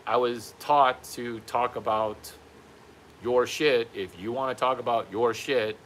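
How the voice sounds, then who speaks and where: A middle-aged man doing stand-up, telling a profane story in an animated way and acting out both people with loud bursts. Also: mid-range voice, unhurried, slight background noise. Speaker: stand-up comedian.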